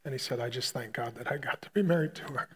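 A male pastor preaching, retelling a hospital story with loud punchy bursts that drop to a quiet hush. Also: mid-range voice, quick pace, slightly rough. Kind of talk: sermon storytelling.

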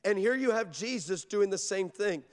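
A high-voiced man preaches energetically to a church congregation, driving his points home with emphatic repetition. His voice echoes through a large hall with a long reverb. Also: animated, moderate pace. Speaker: pastor. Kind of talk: sermon.

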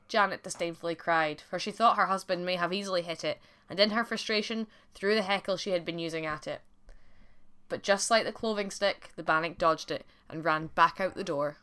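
A woman narrating a folk tale for a podcast in a clear, expressive storytelling voice. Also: fairly low pitch, a little fast.

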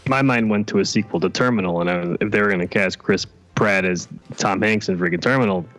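A man's voice: low-pitched, brisk, a bit bright, soft background music. A man joining in casual, matter-of-fact banter on a comedy podcast.

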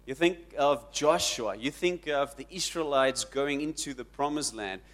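A man preaching a sermon, building to loud, dramatic peaks as he retells the story. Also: medium pitch, unhurried. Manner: dramatic, rising to shouts when quoting. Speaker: pastor.

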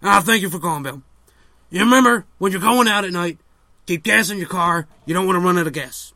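A man doing an impression of an older male call-in radio host, slow and drawling, handing out random advice. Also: high voice, pushed and bright, no room sound. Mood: droning. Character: older male talk-show host, rambling. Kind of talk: comedic impression sketch.

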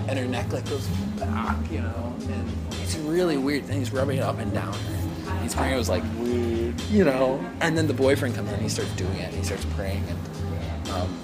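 A man casually telling a long story, rambling with lots of "like" and "you know" and frequent laughs. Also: mid-range voice. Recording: loud music behind the voice.

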